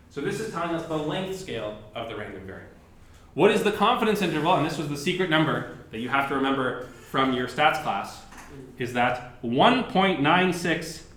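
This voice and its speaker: A professor lectures in a university lecture hall in a casual, chatty way, full of fillers and restarts. His voice is medium-pitched and a bit bright. The room is echoey, with a little hiss or hum in the recording.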